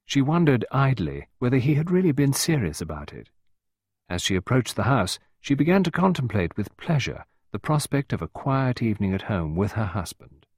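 A man giving an expressive scripted storybook narration as an audiobook narrator. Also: medium pitch, normal speed, husky, no room sound.

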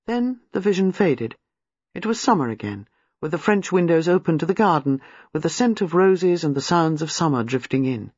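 A man narrating a novel in an expressive, lively reading. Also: fairly high pitch, moderate pace, breathy edge, no echo. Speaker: audiobook narrator. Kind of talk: scripted narration. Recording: slightly muffled, dry.

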